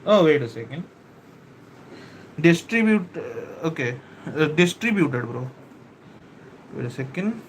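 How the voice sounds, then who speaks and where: Guy on a live stream, high bright voice, talks slow and keeps restarting, reads out chat. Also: very animated, slight background noise. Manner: chatty, reads viewer comments aloud, says "bro" and "kindly" often; self-correcting, hesitant restarts. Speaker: livestream host explaining software models. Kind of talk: casual live-stream teaching.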